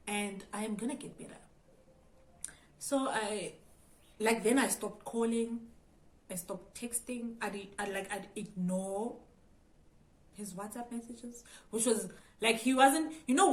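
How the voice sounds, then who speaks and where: A young South African YouTuber with a mid-range voice tells her viewers a storytime vlog about being cheated on, speaking directly to the camera and acting out her own thoughts. She has a South African accent, and the recording quality is low.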